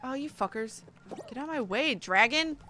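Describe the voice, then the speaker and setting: A woman's voice: sits high, animated, normal speed, pushed and bright, soft background music. A woman streaming a party game, chatting casually, swearing and laughing often. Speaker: gaming streamer. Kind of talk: casual gameplay chat.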